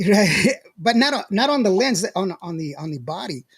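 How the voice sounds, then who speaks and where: A man's voice: sits high, big pitch swings, moderate pace, husky. A man hosting a podcast in casual chat, reading live comments and rambling with frequent laughs. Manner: rambling, laughs often, lots of restarts. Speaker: podcast host.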